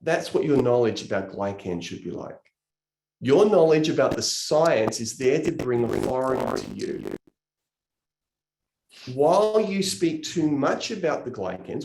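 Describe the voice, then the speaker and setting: A man's voice: on the high side, a little mellow, roomy sound. A man giving an earnest, emotional motivational talk on sales and recruiting, gesturing with his hands as he explains. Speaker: network marketing trainer.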